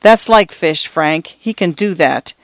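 A man's voice: on the high side, lively intonation, takes it slowly, fairly bright tone, no echo, heavily acted. A man voicing a dry, bleak older parish priest in a read-aloud story. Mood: wry.

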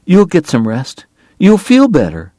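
A man voicing a devoted, clingy frontier saloon woman who coaxes softly and slips into French endearments. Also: fairly high pitch, huge pitch swings, a little slow, no room sound, pitched above the performer's own voice. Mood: coaxing. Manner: soft, pleading, dropping into French endearments.

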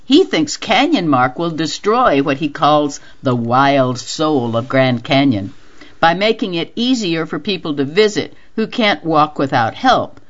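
An earnest, grieving middle-aged woman talks at length, read by a woman. Her low voice moves with lively pitch. The sound is dull and lo-fi, like an old radio reading. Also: heavily acted. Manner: earnest, talkative, rising indignation.

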